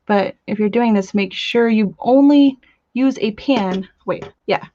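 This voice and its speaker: A woman hosting a casual crafting livestream, chatting in a bubbly way with quick gushing asides while she demonstrates. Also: fairly high pitch, mellow, dull audio. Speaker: crafting channel host. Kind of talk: casual live-stream chat with demos.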